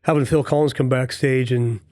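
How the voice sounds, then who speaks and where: A middle-aged man hosting an interview show, chatting casually and dropping in quick reactions. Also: medium pitch, steady tone, mellow, no echo, clean studio sound. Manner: chatty, frequent short reactions. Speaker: podcast host.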